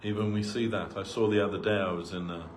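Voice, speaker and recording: Guy giving a sermon like a casual chat, lower voice, lots of "you know"s. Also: steady tone, fast, slight background noise. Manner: conversational, full of asides, acts out quoted voices. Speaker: devotee giving a talk. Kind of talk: sermon told as personal anecdotes. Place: temple hall.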